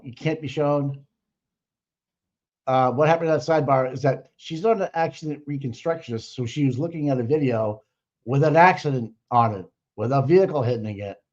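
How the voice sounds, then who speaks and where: A man talks over courtroom footage in a loose, scornful rant full of swearing. His voice sits at an ordinary pitch, and the audio comes through slightly muffled and lo-fi. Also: a little mellow. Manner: mocking, profane ranting. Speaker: livestream host. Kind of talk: live commentary over trial footage.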